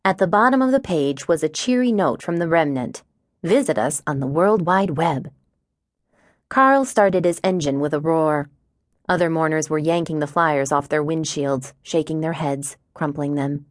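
Low-voiced woman narrating an audiobook. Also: dry recording, studio quality. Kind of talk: scripted first-person narration.

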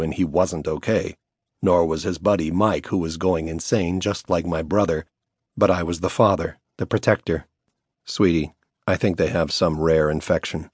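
A man reads a first-person story aloud as an audiobook narrator, keeping his delivery measured and hushed. His voice sits very low, and the close studio recording is dry, with no room sound. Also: fairly even intonation, husky, no echo.

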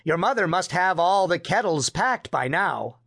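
A man voicing a warm, bustling older grandmother in a storybook. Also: high voice, expressive, unhurried, full character voice. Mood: fussing.

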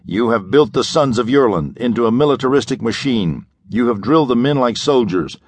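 A man's voice: medium pitch, animated, brisk, breathy edge. A man voicing a grim intelligence agent who accuses and presses a prisoner, in an audiobook. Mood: accusing.

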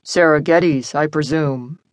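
A woman narrator voicing a self-assured male real estate tycoon who talks calmly and confidently. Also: low voice, slow pace, no room sound, studio quality. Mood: cool. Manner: calm, smooth and confident.

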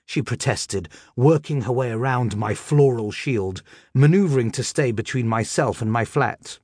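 A man narrating a comic novel in the first person, wry and expressive. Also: mid-range voice, unhurried, slightly rough, no room sound, clean studio sound. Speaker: audiobook narrator.

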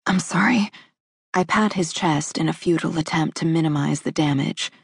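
Woman reading a romance audiobook, husky low-ish voice, dry close studio mic. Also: fairly even intonation, brisk, dry recording. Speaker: audiobook narrator. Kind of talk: first-person romance narration.

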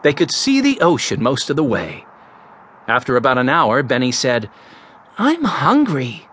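Expressive male storybook narrator. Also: medium pitch, moderate pace, a little hiss or hum. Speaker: audiobook narrator. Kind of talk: scripted children's story narration.

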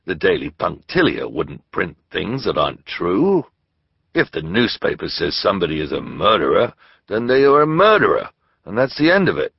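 A man's voice: deep voice, huge pitch swings, normal speed, vocal fry, breathy edge, no echo, highs cut off, heavily acted. Man doing a chatty scruffy shopkeeper. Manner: chatty, opinionated. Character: friendly scruffy little male shopkeeper.

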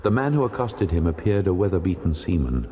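A man narrating a classic sea story in a measured, dramatic storytelling manner. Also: low voice, sing-song, mellow. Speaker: audiobook narrator. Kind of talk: scripted narration of a classic novel. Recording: long hall reverb.

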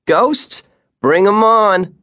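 A male narrator voicing an excited, cocky young boy who shouts. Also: a little high, normal speed, pitched above the performer's own voice.

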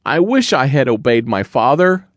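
A lost little bear cub, earnest and plaintive, his voice lifted well above a grown man's, as a male narrator puts him on. He swings through a lively, bouncy range of pitch. The read is dry and close, with no room around it. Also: normal speed, no room sound, lightly acted. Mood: distressed. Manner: earnest, plaintive and breathy with effort. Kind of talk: children's audiobook character voice.

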